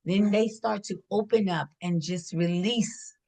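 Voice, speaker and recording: Speaking unhurriedly in a creaky, medium-pitched voice, a middle-aged woman from Washington D.C. shares stories from her work as a hair and image stylist. The interview is casual, and she's animated throughout, laughing often and imitating the people she quotes.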